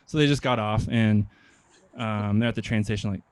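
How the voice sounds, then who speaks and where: A young man from Nebraska doing a stand-up comedy set, deadpan and hesitant, with many pauses and ums. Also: fairly low pitch, smooth. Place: outdoor park stage.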